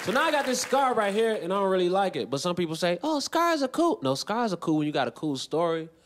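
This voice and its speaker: A man in his twenties doing a stand-up comedy set on a festival stage, dry and deadpan, breaking into loud shouted voices. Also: high voice, quick pace, a crowd in the background, noisy background. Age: 20s. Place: large festival stage with a laughing audience.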